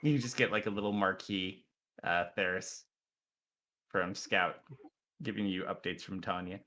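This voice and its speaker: Bright-voiced man running a tabletop game. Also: low voice, unhurried. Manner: relaxed, loose with fillers. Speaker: dungeon master.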